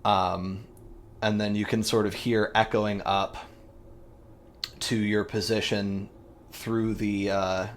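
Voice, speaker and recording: A man's voice: on the low side, level tone, slow, pauses often, a little hiss or hum. A man narrating a tabletop game as game master, in a rambling, descriptive way with many fillers.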